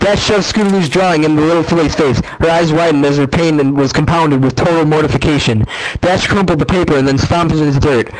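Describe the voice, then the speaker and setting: A man's voice: fairly high pitch, quick pace, poor audio. A man reading a fan story aloud, stumbling and correcting himself as he goes. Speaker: reader.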